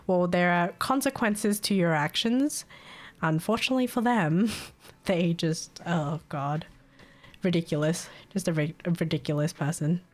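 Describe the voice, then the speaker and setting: A young woman streaming live, chatting casually and telling stories in an animated, exasperated way. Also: fairly low pitch. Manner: chatty, animated storytelling with laughs and exasperated asides. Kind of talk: casual chat.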